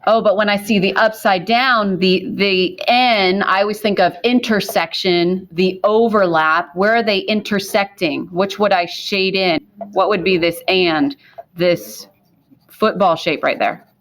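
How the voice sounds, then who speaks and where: A woman's voice: mid-range voice, fairly even intonation, a little slow, a bit bright, slight background noise. A woman teaching a math class, speaking to her students, who repeats key points and keeps checking in with questions. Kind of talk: classroom lecture.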